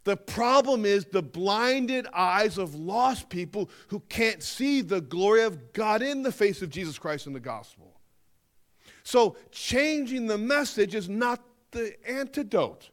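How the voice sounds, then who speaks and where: A man preaching a sermon, emphatic, slowing down to stress key phrases and dipping into quieter asides. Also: sits high, very animated. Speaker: pastor.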